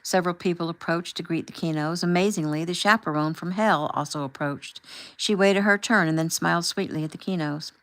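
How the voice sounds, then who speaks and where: A woman narrating an audiobook in an even, clear storytelling manner. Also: fairly low pitch, brisk. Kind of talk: scripted narration.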